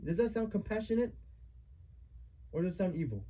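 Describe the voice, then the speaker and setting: A man's voice: high-pitched, fast, pauses often, warm tone, breathy edge, low-quality recording. A young man in a heated family argument, confronting his mother with accusing, repetitive rhetorical questions.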